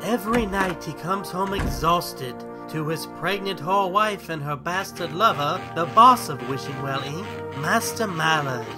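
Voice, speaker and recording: A man's voice: a little high, measured pace, few pauses. Mock-solemn male cartoon narrator. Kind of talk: scripted storybook narration. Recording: music bed under the voice.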